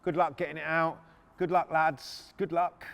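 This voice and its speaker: A man's voice: extremely high pitch, little pitch movement, unhurried, fairly bright tone, smooth, pitched above the performer's own voice. A man voicing a cocky, mocking young factory owner in a retold story.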